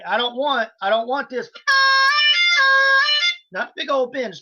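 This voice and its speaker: A man's voice: high voice, animated, unhurried, creaky, a bit bright, highs cut off, soft background music. A man teaching harmonica in a live online lesson, explaining licks step by step in a casual way and counting in the band. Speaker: harmonica instructor. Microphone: video call.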